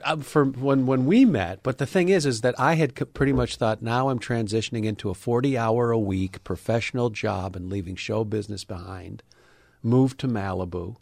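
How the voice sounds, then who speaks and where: A man's voice: on the low side, gravelly, a little mellow, dry recording. A man co-hosting a radio talk show, chatting casually in a rambling way that restarts sentences. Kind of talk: casual chat.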